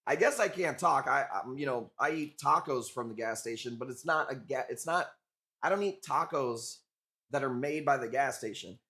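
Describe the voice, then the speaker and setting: This Illinois man hosts a livestream auctioning coral, chatting loosely and profanely with the people watching for laughs. His mid-range voice has a sharp tone and moves at normal speed.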